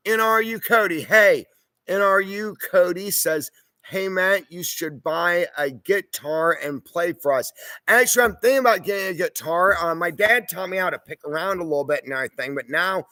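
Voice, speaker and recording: A man's voice: fairly high pitch, pushed and bright, dry recording. A man hosting a casual livestream, reading viewer comments aloud and answering them in an easygoing, chatty way. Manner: easygoing and chatty, often says "y'all" and "hoorah". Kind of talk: casual live-stream chat.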